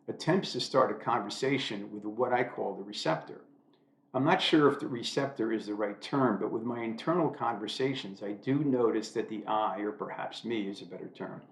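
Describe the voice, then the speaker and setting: A man's voice: medium pitch, gravelly. An older man from the United States giving a wry, self-deprecating monologue to camera from a room at home. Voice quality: dry, self-deprecating humor. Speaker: vlogger. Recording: echoey room.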